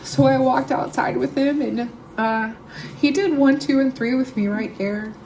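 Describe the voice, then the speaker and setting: A middle-aged woman shares her testimony with a live audience at a recovery meeting, telling her story candidly, conversationally, and with deep emotion. Her high voice is unhurried and darkish in tone, and the rough recording from the meeting room has slight background noise.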